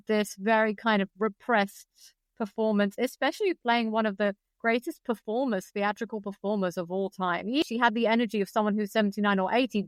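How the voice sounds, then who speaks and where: A woman from Britain speaks as a podcast guest with a smooth, resonant voice, and she is precise and opinionated. The recording is dry and close-miked. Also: mid-range voice, dry recording. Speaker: guest biographer. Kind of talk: podcast discussion.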